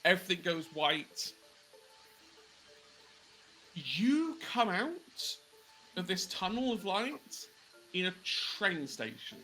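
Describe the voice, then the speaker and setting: High, bright, slow-talking man game master. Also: big pitch swings, soft background music, rough recording. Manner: unhurried, descriptive narration with fillers. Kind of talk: narrating a tabletop game.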